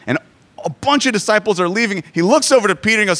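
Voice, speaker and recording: A man's voice: high voice, lively intonation, quick pace, bright, forceful tone. A man in his forties preaching a sermon, joking and self-deprecating as he talks. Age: 40s. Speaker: pastor.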